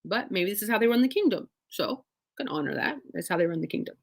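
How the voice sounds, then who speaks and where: A woman teaching scripture in a casual, animated way, reading verses and acting out the speakers with conversational asides. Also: mid-range voice, quick pace, creaky. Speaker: Bible study teacher.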